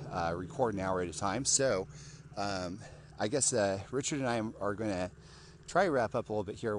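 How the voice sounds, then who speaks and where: A man hosting a casual podcast interview, rambling and filling pauses with ums and restarts. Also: on the low side, a little hiss or hum. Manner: rambling, lots of fillers and restarts. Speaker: podcast host.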